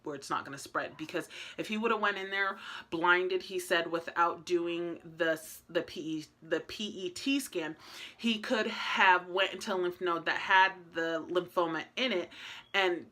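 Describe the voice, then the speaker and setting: A woman vlogger recounts her week in a loose, chatty ramble, leaning on fillers as she goes. Her voice sits bright and a touch forward, and she slips into the voices of the people she quotes. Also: fairly low pitch, steady tone, unhurried. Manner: acts out conversations in quoted voices. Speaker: family vlogger. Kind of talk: casual storytelling to camera.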